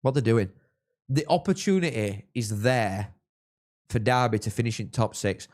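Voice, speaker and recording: A young man from England, hosting a live football watchalong and chatting with viewers, reacting loudly to goals. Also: mid-range voice, expressive, moderate pace. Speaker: livestream host.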